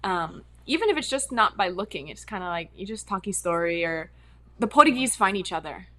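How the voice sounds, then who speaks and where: A woman's voice: medium pitch, lively intonation, fairly quick, sharp tone. A young woman being interviewed on a podcast, chatting in a bubbly, casual way and using "like" often. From Hawaii. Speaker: podcast guest.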